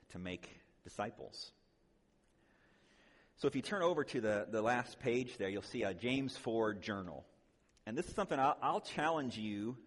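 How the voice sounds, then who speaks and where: A man's voice: on the low side, in a large hall. A man speaking at a conference, teaching in a conversational way, often checking in with "right?" and adding joking asides. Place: conference hall.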